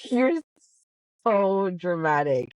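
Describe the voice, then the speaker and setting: A woman's voice: mid-range voice, big pitch swings, drawn-out words, a little mellow, no room sound. A woman in casual, teasing banter with her husband, laughing often, talking in a car. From Latina. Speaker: host's wife, co-host. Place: car while driving.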